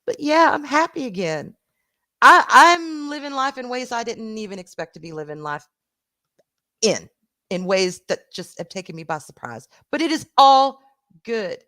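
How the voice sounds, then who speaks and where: Laughing Southern woman streamer, higher voice. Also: animated, normal speed. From American South. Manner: warm, laughing, heartfelt, swears casually. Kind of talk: casual chat to a live stream audience.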